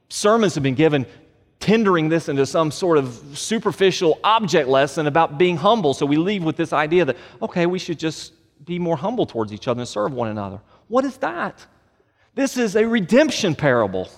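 Male pastor, slightly high voice, lively preaching full of rhetorical questions, hall reverb. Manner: animated, with rhetorical questions and joking asides. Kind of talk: sermon. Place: church sanctuary.

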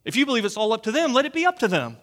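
In a church sanctuary, a pastor in his forties preaches a sermon, earnest and pleading, often asking the listeners questions. His very high, somewhat bright voice races along with big pitch swings.

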